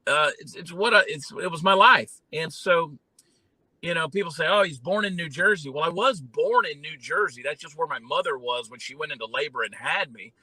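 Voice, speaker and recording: A man from Georgia with a Southern drawl, talking in a folksy, animated way as a guest in an interview. His voice is very bright and slightly high, recorded dry and close. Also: moderate pace, husky, no echo, poor audio. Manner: folksy, animated storytelling with many fillers. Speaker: guest, comedian and candidate. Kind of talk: casual interview talk.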